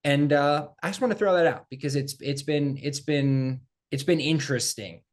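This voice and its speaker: A man co-hosting a casual sports podcast, talking in an animated, emphatic way and repeating phrases for effect. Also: a little high, moderate pace. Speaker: podcast co-host.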